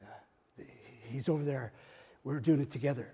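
An older man preaching a sermon as pastor, repeating phrases and swinging from hushed murmurs to loud exclamations. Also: mid-range voice, normal speed, breathy edge, in a large hall. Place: church.

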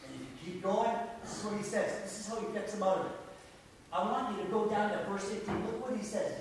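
Emphatic high-voiced preacher in an echoey hall. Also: male voice, brisk, creaky, a little hiss or hum. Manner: emphatic, repetitive, swells then drops to quiet. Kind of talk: sermon. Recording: echoey church hall from far off.

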